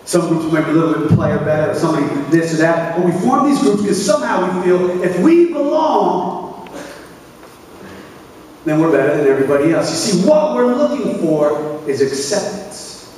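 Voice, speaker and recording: A middle-aged man giving a storytelling speech at a youth camp, animated and acting out the people in his story. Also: on the high side, normal speed, a little hiss or hum. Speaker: motivational speaker at a youth camp. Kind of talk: storytelling speech to a young audience. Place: large hall. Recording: echoey hall, recorded from far off.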